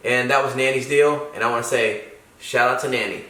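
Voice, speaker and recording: Brief: sincere dad telling a story, bright tone, echoey room, distant mic. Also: male voice, mid-range voice, steady tone, fairly quick. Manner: earnest, sincere, drops soft when quoting. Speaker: father telling a family story. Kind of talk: casual family storytime chat.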